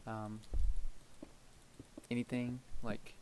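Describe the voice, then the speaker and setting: A man's voice: medium pitch, little pitch movement, very slow, darkish tone, a little hiss or hum. Rambling, chatty man talking while gaming. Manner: rambling and chatty, with frequent fillers and laughs. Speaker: gameplay video creator. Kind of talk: casual gameplay commentary.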